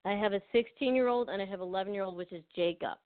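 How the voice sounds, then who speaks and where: A woman's voice: mid-range voice, quick pace. A woman calling in to a show for a casual chat, talking in a rambling way and repeating herself. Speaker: caller. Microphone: phone. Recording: tinny phone line.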